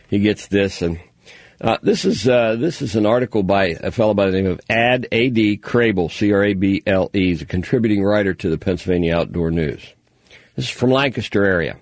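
A man hosting a call-in radio show in a studio, chatting and telling stories in an animated, offhand way. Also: deep voice, dry recording. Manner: chatty, animated storytelling with asides. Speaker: radio talk show host. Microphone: studio microphone.

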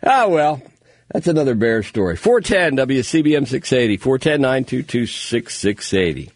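Male call-in radio host, animated chatty storyteller, dry studio sound. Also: medium pitch, moderate pace, no echo. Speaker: radio talk show host. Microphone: studio microphone.

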